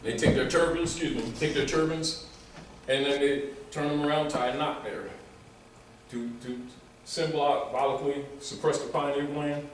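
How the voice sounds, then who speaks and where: A man giving an animated, rambling informal lecture to a small group, restarting his sentences as he goes. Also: on the high side, moderate pace. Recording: echoey room, mic far off, faint noise.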